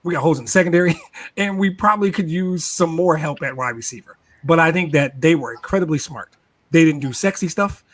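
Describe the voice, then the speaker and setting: Animated man talking football. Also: on the high side, a little fast. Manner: animated, repeats words, laughs often. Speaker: sports talk show regular. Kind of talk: casual sports podcast chat.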